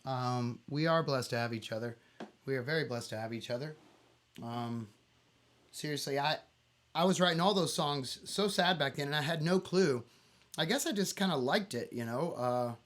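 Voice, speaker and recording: A middle-aged man hosting a casual livestream from his home, answering viewers' questions openly, with many fillers and restarts. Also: a little high. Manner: open, rambling, candid, with many fillers and restarts.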